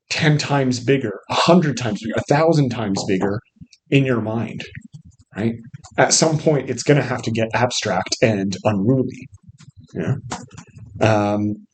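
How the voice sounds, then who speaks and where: A man's voice: medium pitch, darkish tone, low-quality recording. A man teaching a literature seminar who asks questions, praises answers and keeps adding "right?". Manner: encouraging, asks questions, often adds "right?". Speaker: literature instructor.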